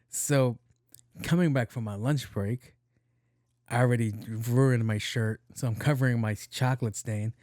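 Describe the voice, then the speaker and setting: A man hosting a podcast, telling a comedic story in a casual, profane, animated way and acting out the dialogue. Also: medium pitch, unhurried, no echo, clean studio sound. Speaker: podcast host.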